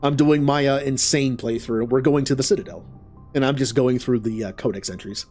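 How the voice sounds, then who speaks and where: A man's voice: medium pitch, brisk, darkish tone, faint music behind. A man casually chatting while streaming a video game, rambling and laughing often. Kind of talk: casual chat over gameplay.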